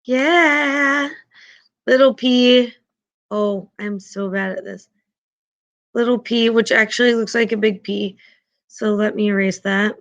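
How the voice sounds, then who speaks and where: A woman's voice: a little high, slow, pauses often, highs cut off. A woman teaching a class, patiently explaining and often checking in with her students.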